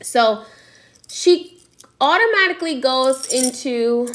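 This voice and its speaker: A woman's voice: a little high, unhurried, a bit bright. A woman who teaches spiritual practice, telling a story in a chatty monologue and checking in with her listeners. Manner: chatty, frequent "okay?" check-ins.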